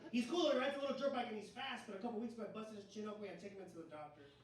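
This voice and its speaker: High-voiced man doing stand-up. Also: very fast. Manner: casual, swearing, self-mocking, peppered with "bro". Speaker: stand-up comedian. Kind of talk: stand-up comedy set. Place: comedy club stage. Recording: echoey room, distant mic, noisy.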